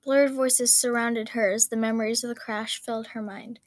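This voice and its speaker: A woman reading a story aloud in an expressive, dramatic way. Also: fairly high pitch, moderate pace, dry recording.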